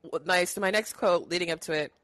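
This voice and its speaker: A woman's voice: lowish voice, fast talker, fairly bright tone, dry recording. A young woman co-hosting a podcast, casually recapping a movie, laughing often and acting out the quotes. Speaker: podcast co-host.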